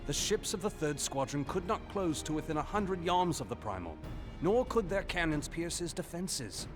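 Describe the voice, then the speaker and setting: A man voicing a stern naval officer in a game cutscene, speaking formally and gravely, heard from a game played in the background. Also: a little high, sing-song, moderate pace. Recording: game audio played from a distance under music.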